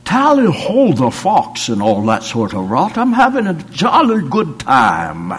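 A man's voice: fairly high pitch, huge pitch swings, a little slow, breathy edge, pitched above the performer's own voice, full character voice. A man preaching, voicing a Texan who came home talking like a posh, affected Englishman. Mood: jolly. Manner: plummy, affected upper-class English. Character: Texan man gone posh, putting on British airs.

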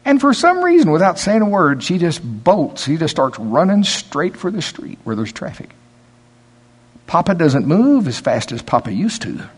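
An older man preaching a sermon, folksy storytelling, dropping to low asides and rising to loud, emphatic preaching. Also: wildly swooping pitch, moderate pace, slightly rough. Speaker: pastor.

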